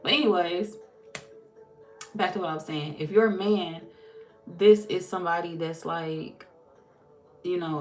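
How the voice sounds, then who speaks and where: A woman's voice: lowish voice, unhurried, long pauses, faint music behind. A woman doing a casual tarot reading, blunt and sassy, swearing freely and talking straight to the viewer. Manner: blunt, sassy and heavily profane; animated, talks straight to the viewer. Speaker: tarot reader.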